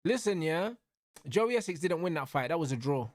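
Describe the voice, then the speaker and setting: A young man, commentating live on a fight for his stream in an excitable, slangy way, yelling at the referee. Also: fairly high pitch, moderate pace, dry recording, clean studio sound.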